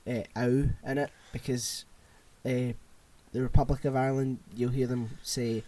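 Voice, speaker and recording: A British man co-hosting a podcast, chatting casually, excitable and sweary, laughing often. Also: medium pitch, normal speed. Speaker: podcast co-host. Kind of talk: casual chat.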